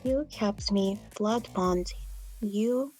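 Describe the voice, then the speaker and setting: A woman voicing a young female vampire who speaks in a slow, bitter, sing-song way. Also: medium pitch, darkish tone, soft background music, pitched above the performer's own voice, low-quality recording.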